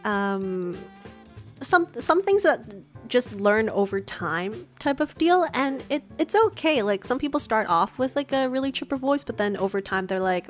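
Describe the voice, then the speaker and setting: A woman's voice: a little high, animated, a little slow, faint music behind. Chatty woman VTuber host, rambling. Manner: rambling, full of "like" and restarts. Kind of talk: casual chat.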